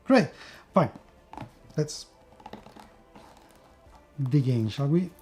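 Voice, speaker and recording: A man's voice: fairly high pitch, animated, drawn-out words, warm tone, faint music behind. Chatty Spanish-accented man unboxing a game. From Spain. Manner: chatty and enthusiastic, with many fillers and restarts. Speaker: board game reviewer. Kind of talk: casual unboxing video.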